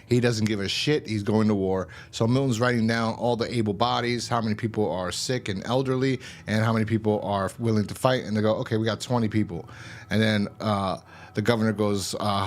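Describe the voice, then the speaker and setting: A man with a fairly low voice hosts his own review show. He talks through the plot in a loose, rambling way, paraphrasing dialogue and dropping the odd swear. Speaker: show host reviewing a TV episode. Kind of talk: casual recap monologue.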